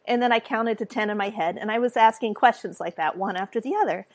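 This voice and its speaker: A woman guest author with a sing-song way of talking, telling a story in an animated, chatty way. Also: medium pitch, quick pace. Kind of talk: casual chat.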